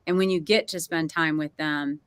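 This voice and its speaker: A middle-aged woman hosting a casual panel chat, emotional and expressive, often laughing. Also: deep voice, moderate pace, clean tone, no room sound. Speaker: host.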